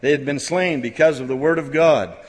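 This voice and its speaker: A middle-aged man preaching at a church camp, folksy and halting with many restarts, building to fervent exhortation. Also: fairly high pitch. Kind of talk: sermon. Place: church camp meeting hall. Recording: long hall reverb.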